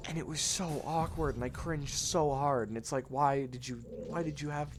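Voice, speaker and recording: A man's voice: on the high side, fairly even intonation, normal speed, few pauses, a little hiss or hum. A young man telling a rambling school story with many restarts and casual swearing while playing a game. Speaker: let's play co-host. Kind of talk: casual gaming chat, storytelling.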